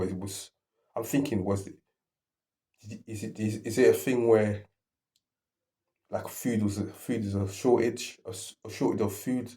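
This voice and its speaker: A man's voice: on the low side, warm tone. A man hosting a reaction video, rambling as he thinks aloud and keeps restarting his sentences.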